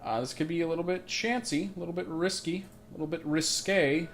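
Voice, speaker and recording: A man's voice: a little high, fairly even intonation, a little fast, soft background music. A man hosting a let's play, giving casual gameplay commentary with joking, rambling asides, recorded on a makeshift mic setup.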